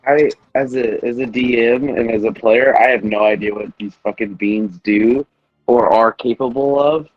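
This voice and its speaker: A man's voice: mid-range voice, fairly even intonation, normal speed, no room sound, soft background music. A man playing a tabletop game, easygoing and joking, laughing and swearing casually. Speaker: player. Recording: dull, dry lo-fi mic.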